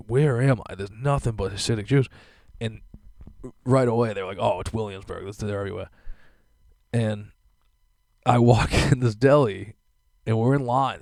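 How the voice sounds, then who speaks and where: A man's voice: lowish voice, darkish tone, dry recording. A young man hosting a casual solo podcast, rambling and swearing often, breaking into laughter as he talks. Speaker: podcast host.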